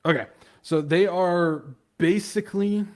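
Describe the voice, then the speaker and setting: A man's voice: high-pitched, unhurried, a little mellow. A man hosting a livestream in a casual, rambling way, stumbling over hard words, laughing at himself and trailing off into mumbles. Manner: loose and off the cuff, trails off into mumbles. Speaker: livestream host.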